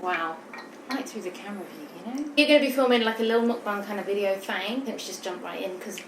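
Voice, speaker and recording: Eating on camera for a mukbang, a young woman from the UK talks fast in a mid-range voice, giggling and slightly breathless. It's recorded in an echoey room with background noise.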